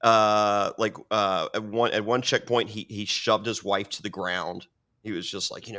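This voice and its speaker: A man's voice: lowish voice, normal speed. A man telling stories as a podcast guest, swearing often and rambling with restarts. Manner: profane, rambling, animated. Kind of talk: casual storytelling.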